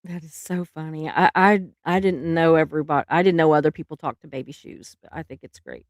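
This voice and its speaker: A woman's voice: low-pitched, steady tone, brisk, no room sound, studio quality. Chatty giggly woman in her fifties. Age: 50s. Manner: chatty, giggly, with frequent laughs and restarts. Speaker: livestream host. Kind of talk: casual chat with live viewers.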